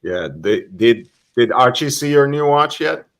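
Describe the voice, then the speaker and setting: A man co-hosting a casual livestream, speaking calmly and asking for viewer support. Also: mid-range voice, unhurried.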